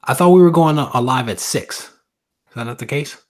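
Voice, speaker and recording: A man's voice: medium pitch, moderate pace. A man chatting as a guest on a casual comics livestream, telling stories in a laid-back, easygoing way. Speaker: guest collector.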